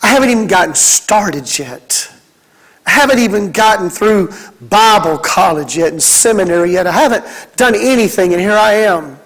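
Male pastor, high-pitched, fervent sermon delivery with repeated phrases. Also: expressive, normal speed, a bit bright, low-quality recording. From Mississippi. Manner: preaching with emphatic, rhythmic repetition.

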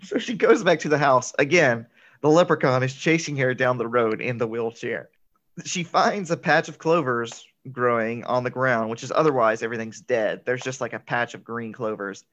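A man hosts a podcast, casually recapping a film, laughing often and filling gaps with "um" and "like." His mid-range voice is a bit bright, at normal speed, on a muffled recording.

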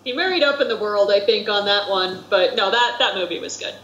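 A woman's voice: mid-range voice, brisk, fairly bright tone. A woman talks casually as a podcast guest, wry and filler-heavy. Her audio sounds somewhat muffled and roomy, with a faint hiss behind it.

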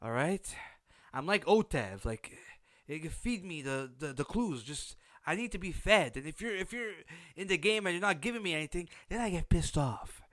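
A man's voice: high voice, expressive, normal speed, a bit bright, dry recording. A man hosting a podcast, giving a blunt, opinionated recap of a reality show in a casual, unsympathetic way. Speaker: podcast host.

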